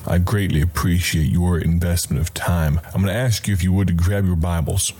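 A male radio preacher with a very low, dark voice and a husky edge. He talks to the listener in an earnest, conversational way, like a friendly sermon over a studio microphone. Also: steady tone, brisk.

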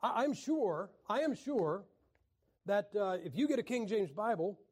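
A man teaching a class on the Bible in a wry, joking lecture style, often clearing his throat. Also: sits high, sing-song, unhurried, a little mellow.

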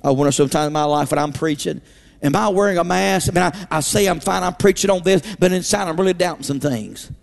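A man preaching a revival sermon in a church auditorium, passionate and repetitive, swinging between shouts and hushed pleading. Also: on the high side, quick pace, gravelly, big-room sound.

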